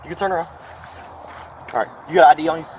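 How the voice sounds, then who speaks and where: A male police officer giving brisk commands and repeating his questions, recorded on body camera. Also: on the high side, steady tone. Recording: distant bodycam audio in loud noise.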